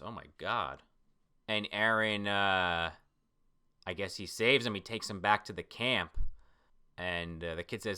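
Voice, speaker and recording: Excitable, bright-voiced man reacting aloud. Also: lowish voice, measured pace, smooth. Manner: excitable, profane, frequent exclamations. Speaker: manga reader reacting to a chapter. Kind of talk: excited read-through commentary.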